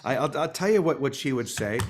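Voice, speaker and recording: A man leads a morning spiritual session as an informal sermon, keeping it playful and humorous and calling out listeners by name. His mid-range voice is expressive and brisk, with crowd noise audible.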